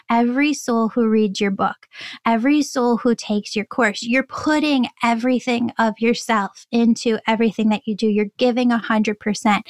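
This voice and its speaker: A woman guest on a podcast interview, a spiritual teacher speaking in a slow, earnest, preaching way. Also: fairly high pitch, no room sound.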